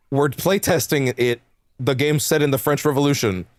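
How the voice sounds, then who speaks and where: A young adult man streaming games, chatting casually in a rambling, animated way, laughing often and swearing freely. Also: on the high side, normal speed, no room sound. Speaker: game streamer. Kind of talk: casual chat while livestreaming.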